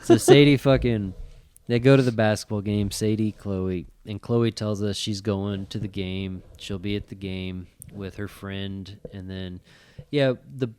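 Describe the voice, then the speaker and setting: A middle-aged man co-hosts a casual podcast chat show, telling an animated story in which he swears a lot and acts out quotes. His voice is lowish and smooth, with a measured pace.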